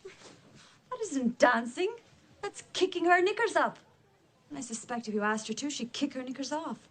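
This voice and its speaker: A scolding young Irishwoman with an Irish accent. Her high voice leaps about with lively scorn. Every line lands sharp-tongued. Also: normal speed. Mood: scornful. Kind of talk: film drama acting.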